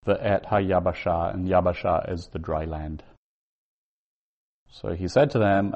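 A man teaching a Bible Hebrew class, explaining slowly, word by word. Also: sits low, fairly even intonation, darkish tone. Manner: slow, deliberate, word-by-word explaining. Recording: dull lo-fi recording.

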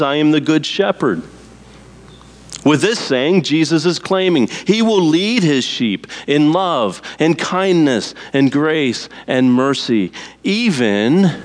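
A man who is a pastor, preaching a sermon in a slow, deliberate way with emphatic pauses. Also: mid-range voice.

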